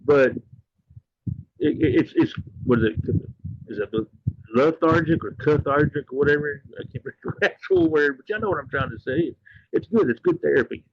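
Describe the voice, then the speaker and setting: A man's voice: fairly high pitch, expressive, normal speed, creaky, slightly rough, no echo, muffled recording. A man hosting a casual livestream, talking in an earnest, rambling, heartfelt way. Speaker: livestream host.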